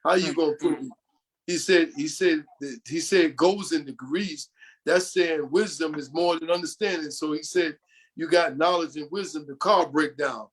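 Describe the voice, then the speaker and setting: A man's voice: on the high side, normal speed, husky. An older man from New York, a podcast guest, telling long rambling stories about his family and often quoting what others said. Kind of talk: storytelling in an interview.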